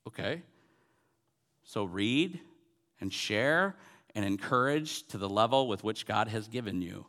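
A man's voice: on the low side, lively intonation, a little slow, long pauses, fairly bright tone. A man in his forties, a pastor, preaching a sermon in an earnest way, repeating phrases and building to emphatic peaks. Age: 40s.

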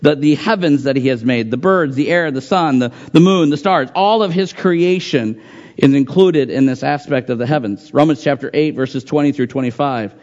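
A man's voice: on the high side, moderate pace, darkish tone, lo-fi sound. A man preaching a sermon, reading scripture aloud and repeating phrases for emphasis in an earnest pulpit manner. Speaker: pastor.

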